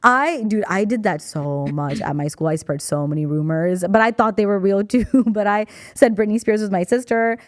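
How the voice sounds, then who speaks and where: Young female podcast co-host, middle-pitched, giggly and profane, close studio mic. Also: moderate pace, hardly any pauses, dry recording. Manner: laughing, swearing storyteller. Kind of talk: casual chat.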